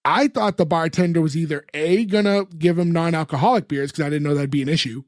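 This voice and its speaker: Man, podcast co-host, casual episode recap, quotes the characters, fairly high voice, dry close sound. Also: fast talker, dry recording. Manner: retells scenes, slipping into the characters' lines.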